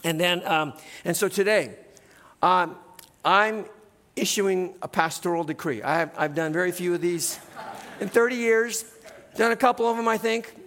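A middle-aged male pastor preaching in a church, in a relaxed conversational way, often tagging "right?" onto his points. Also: sits high, moderate pace, big-room sound. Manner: conversational, keeps adding "right?". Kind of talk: sermon. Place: church sanctuary.

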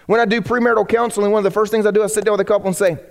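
A man's voice: sits high, little pitch movement, racing, in a large hall. A man preaching a sermon as pastor, in a conversational way that jokes with the congregation. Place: church sanctuary.

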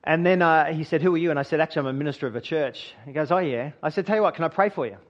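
A man, a church minister preaching a sermon and telling a personal story, rising to emphatic peaks and dropping quiet. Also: on the high side, rapid-fire, muffled recording. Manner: earnest storytelling, builds to emphatic peaks then drops quiet.

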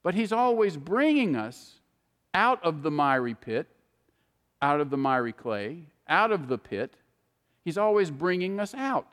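A man's voice: on the high side, big pitch swings, unhurried, a bit bright, in a large hall. A man preaching a sermon, earnest and speaking straight to his listeners. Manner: earnest, addresses listeners directly by name.

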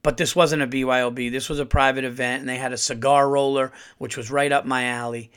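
A man who is a comedian and podcast host, telling stories in a casual, profane monologue that climbs to loud outbursts when he gets heated. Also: medium pitch, fast talker, clear, resonant tone. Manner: animated, profane, rising to shouting when heated.

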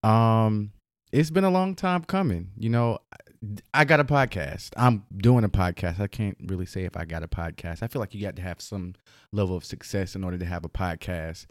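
A man's voice: low-pitched, moderate pace, dry recording. Southern man, home podcast host, slangy and profane, conversational, dry close sound. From Southern United States. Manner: chatty, profane, slangy and playful. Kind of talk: casual solo podcast chat.

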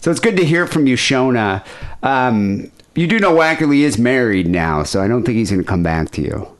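A man's voice: medium pitch, lively intonation, normal speed. A man hosting a podcast, chatting casually with crude, loose banter. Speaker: podcast host. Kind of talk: casual chat.

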